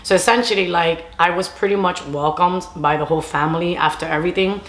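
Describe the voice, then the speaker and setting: A young woman with a lowish, fairly bright voice speaks quickly, telling a personal story to camera in a chatty storytime vlog. She slips Spanish phrases into her English, and the recording has a roomy echo.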